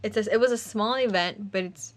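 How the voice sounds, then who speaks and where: A woman's voice: mid-range voice, brisk. A young woman in casual conversation, telling a sad personal story in a rambling way with lots of fillers and acted-out quotes. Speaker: guest sharing a personal story. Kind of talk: casual chat.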